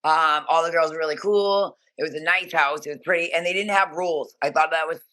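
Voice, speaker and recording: A woman, a podcast guest telling stories in an animated, profane, rapid-fire way. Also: low voice. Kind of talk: casual storytelling interview.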